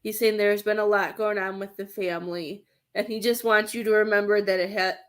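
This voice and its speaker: A woman's voice: mid-range voice, steady tone, brisk. A woman doing a live-stream reading as a medium, talking in a rambling, hesitant way and searching for words. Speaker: psychic medium.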